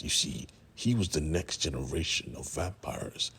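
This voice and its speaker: Guy casually retelling a comic, super deep raspy voice, chatty asides. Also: lively intonation, normal speed, a bit bright. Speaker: comic recap narrator.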